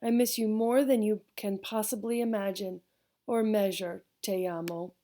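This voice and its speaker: A woman voicing a warm, affectionate older grandmother with a thick Spanish accent, in an audiobook. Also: medium pitch, steady tone, moderate pace, close to an everyday voice. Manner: gentle, affectionate, laughing.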